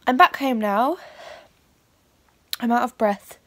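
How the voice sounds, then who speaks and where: A woman's voice: fairly high pitch, slow, a bit bright. A young woman vlogging casually, chatty and self-mocking, talking into a phone camera. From United Kingdom. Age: young adult. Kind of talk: casual vlog chat.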